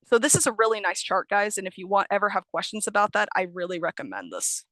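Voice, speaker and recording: Brisk and expressive, a young American woman runs an online ESL training session over video call, her medium-pitched voice fairly bright and echo-free. She explains things patiently, fixes her own wording as she goes, and laughs lightly.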